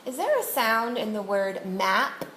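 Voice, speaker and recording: A woman's voice: medium pitch, very animated, measured pace, sharp tone. A woman reading teacher giving one-on-one literacy instruction, guiding a student with patient, step-by-step questions. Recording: roomy echo, faint background noise.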